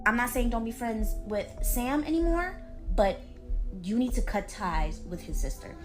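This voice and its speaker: A woman's voice: a little high, lively intonation, moderate pace, music in the background, natural voice. Woman playing protective mother, firm, urgent, storytime quote. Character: worried protective mother of a grown son.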